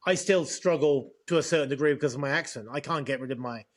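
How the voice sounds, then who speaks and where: English-accented male co-host, slightly high voice, halting chat delivery. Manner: halting, repeats words often. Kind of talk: casual chat.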